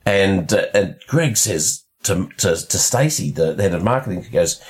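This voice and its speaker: A man's voice: deep voice, lively intonation, moderate pace. A man hosting a podcast, telling a story in a casual, rambling way, often repeating words as he restarts and laughing along.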